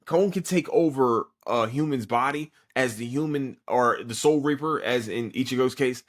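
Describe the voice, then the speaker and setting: A man's voice: medium pitch, normal speed. A tired man hosting a podcast, recapping an anime episode in a rambling, profane way with lots of fillers. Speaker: podcast host.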